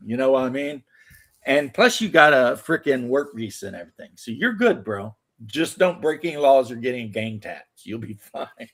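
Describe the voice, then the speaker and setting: Animated American man chatting casually. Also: medium pitch, moderate pace. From United States. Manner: animated storytelling, swearing. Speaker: podcast host. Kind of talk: casual chat.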